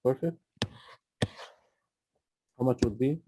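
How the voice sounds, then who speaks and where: A man's voice: mid-range voice, slow, noisy background. A man tutoring a student through a math problem, patient and often checking in with "okay?". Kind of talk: live tutoring session.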